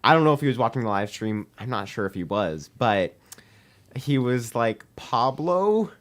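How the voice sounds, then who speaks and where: A man's voice: fairly low pitch, normal speed. A teenage boy, a podcast guest, telling a long story in casual chat, full of "um" and "we're like" as he acts out the dialogue. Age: teens. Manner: rambling, heavy use of "we're like" and "um".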